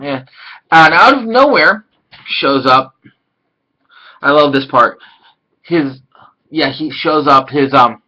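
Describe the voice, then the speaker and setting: A man casually reviewing an anime episode, rambling and excitable, swearing now and then. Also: medium pitch, rough recording.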